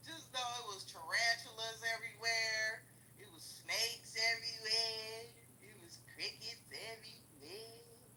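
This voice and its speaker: A woman's voice: a little high, expressive, moderate pace, bright, forceful tone, a little hiss or hum, low-quality recording. A woman telling a casual, blunt story in a rant, full of slang and swearing and laughing as she goes. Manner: blunt, profane, slangy, laughs through stories. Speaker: vlogger.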